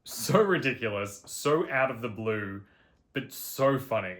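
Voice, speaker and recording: A man's voice: mid-range voice, animated, unhurried, fairly bright tone, soft background music. A man talking through his thoughts on a video game, reflective and enthusiastic, with casual asides. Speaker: gaming video host. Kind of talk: casual game review monologue.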